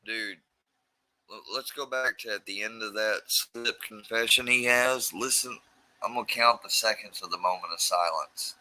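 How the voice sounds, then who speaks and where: A man's voice: lowish voice, moderate pace, pushed and bright, low-quality recording. A man commenting on a livestream, sarcastic and mocking as he argues.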